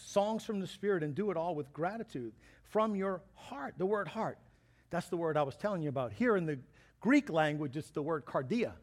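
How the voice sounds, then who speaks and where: Brief: man, high voice, pastor giving a sermon, animated and playful, acts out quotes. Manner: lively, joking preacher who acts out quotes.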